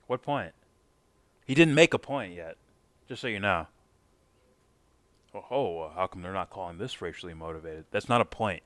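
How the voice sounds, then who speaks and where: Deep-voiced man hosting a live stream. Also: moderate pace, pauses often, dry recording. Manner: profane, animated, mocking. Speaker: stream host. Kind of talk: casual livestream chat.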